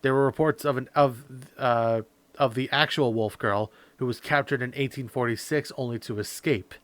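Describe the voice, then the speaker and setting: A man hosting a casual podcast, rambling with lots of fillers and quick laughs. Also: mid-range voice, fairly even intonation, dry recording. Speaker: podcast host.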